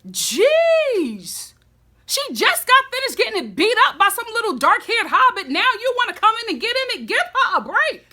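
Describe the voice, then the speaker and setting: Woman vlogger, high bright voice, animated, casual recap host. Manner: expressive, animated storytelling.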